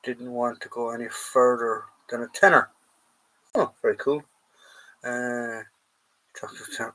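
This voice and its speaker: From his home in Ireland, a man hosts a collectibles live stream, digging through a drawer and rambling casually to the lads watching. His medium-pitched voice moves at normal speed and is a bit bright, on a rough recording.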